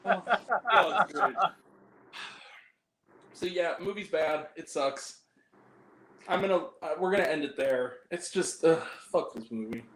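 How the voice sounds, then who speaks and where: A man's voice: a little high, normal speed. Rambling man in an echoey room. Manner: rambling, laughing, crude jokes. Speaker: movie review host. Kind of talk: casual chat with a guest.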